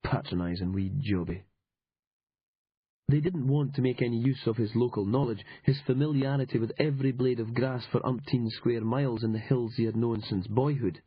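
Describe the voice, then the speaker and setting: Husky, sardonic male audiobook narrator. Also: medium pitch, steady tone, brisk, hardly any pauses, dry recording, lo-fi sound. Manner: dry, sardonic storytelling. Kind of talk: scripted narration.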